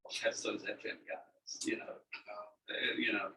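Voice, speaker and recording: A man's voice: fairly low pitch, wildly swooping pitch, unhurried, pushed and bright. A man, a longtime radio DJ telling stories in a casual, folksy chat. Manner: folksy storyteller. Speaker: radio DJ guest. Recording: distant mic with faint background noise.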